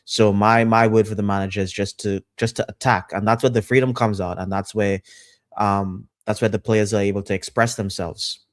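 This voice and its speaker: A man's voice: fairly low pitch, fairly even intonation, fairly quick, no echo, studio quality. A man on a podcast panel, talking football in a casual, emphatic way, repeating his points with lots of fillers.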